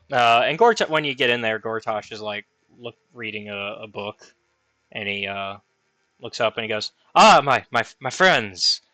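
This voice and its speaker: A man's voice: fairly low pitch, unhurried, pauses often, pushed and bright, no room sound. A man casually narrating as game master, laughing easily with his players.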